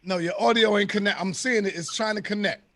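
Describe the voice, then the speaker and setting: A man hosting a live call-in stream, briskly handling callers and calling them brother. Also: high-pitched, bright, forceful tone. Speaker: host.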